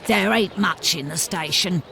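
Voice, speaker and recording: A woman's voice: on the low side, a little slow, sharp tone, a little hiss or hum. An actress voicing a brassy, chatty working-class woman who calls people dearie, in a game.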